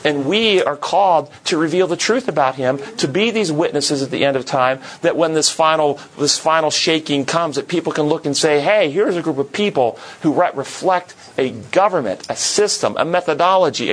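A man's voice: fairly high pitch, animated, normal speed, hardly any pauses, a bit bright, rough recording. A man leading a Bible study class, earnest, asking the group questions and repeating words for emphasis.

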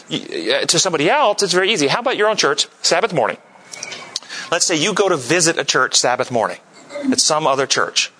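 A man teaching a church group, asking lively questions and sometimes mimicking others in a high voice. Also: rough recording. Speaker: church teacher leading a class discussion. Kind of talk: interactive sermon with audience questions.

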